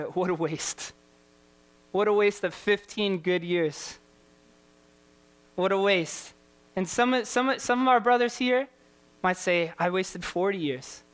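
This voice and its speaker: A man's voice: high voice, fairly bright tone, clear, resonant tone. A man preaching a sermon as a youth pastor, impassioned and repetitive, firing rhetorical questions at his listeners.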